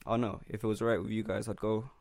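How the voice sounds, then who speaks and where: A man's voice: fairly low pitch, little pitch movement, quick pace, creaky, a little mellow, no room sound. A young man hosting a podcast, steering the chat and reading out the questions in a casual way. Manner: steers the talk, reads out the questions. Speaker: podcast host.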